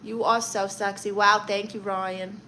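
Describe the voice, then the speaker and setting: Brief: bright-voiced, sassy New woman, comic live-stream auntie teasing her chat, faint room hiss. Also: mid-range voice, level tone, a little slow, poor audio. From Brooklyn, New York. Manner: sassy, teasing, calls viewers honey and darling. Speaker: livestream host playing an aunt character.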